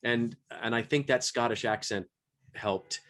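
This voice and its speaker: A man who is an audiobook narrator and stage actor, talking on a panel in a halting way with many fillers and restarts. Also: medium pitch, a bit bright. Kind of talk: panel discussion.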